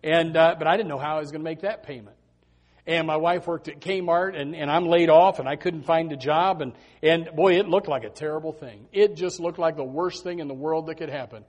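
A high-voiced man delivers a sermon. He tells personal stories with animated emphasis and circles back to repeat his key words. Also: fairly quick. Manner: animated storytelling, emphatic repetition. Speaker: preacher.

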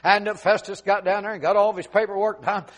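Male preacher with a high voice, folksy storyteller who builds to fervent shouts and drops to hushed pleas. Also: fairly even intonation, fast talker. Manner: fervent, swings from shouted peaks to low hushed appeals; casual folksy retelling with many fillers. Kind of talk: storytelling sermon.

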